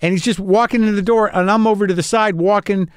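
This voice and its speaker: A man's voice: high voice, fairly even intonation, fast talker, clean tone, no echo, clean studio sound. A middle-aged man hosting a podcast, talking in a candid, rambling, self-deprecating monologue with a lot of profanity. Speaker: podcast host. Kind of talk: casual monologue.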